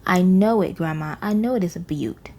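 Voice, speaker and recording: A woman's voice: mid-range voice, moderate pace, mellow, natural voice. A woman reading the lines of a chatty, whiny little girl in a storybook. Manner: whiny and boastful.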